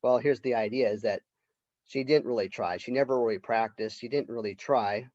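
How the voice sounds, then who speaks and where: A man's voice: medium pitch, normal speed, a little mellow, no echo. A male literature professor giving a college lecture, retelling a story in a casual conversational way. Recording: dull lo-fi lecture recording.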